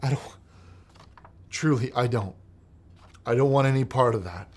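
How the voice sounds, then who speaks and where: A man hosting a comedic call-in show in the style of a preacher. He swings between mumbled reading of messages and loud, exasperated ranting. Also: medium pitch, measured pace, breathy edge.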